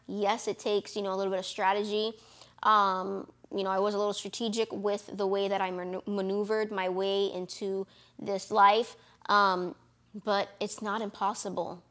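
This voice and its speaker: A young woman from Florida, USA, who runs a lash business talks to camera in a chatty, encouraging way, dropping in lots of fillers. Her voice is medium in pitch and a bit bright.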